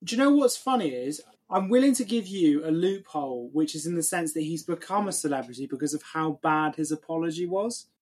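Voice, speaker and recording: Wry British podcast co-host. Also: male voice, on the high side, lively intonation, brisk, hardly any pauses, a little mellow, slightly rough. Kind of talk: casual podcast chat.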